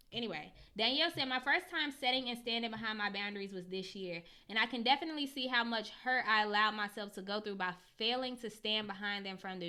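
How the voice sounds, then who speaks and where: A woman's voice: mid-range voice, sharp tone, clean tone. A young woman hosting a casual livestream, reading out viewers' comments and answering them in slangy, candid talk. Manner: slangy and candid, swears freely; talks straight to viewers, greets them by name. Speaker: host reading live chat comments.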